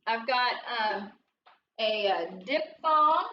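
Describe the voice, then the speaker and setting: Slow, high-voiced, patient phonics teacher woman. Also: expressive, recorded from a distance, muffled recording, loud music behind the voice. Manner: slow, patient, encouraging, sing-song explaining. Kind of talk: recorded classroom phonics lesson.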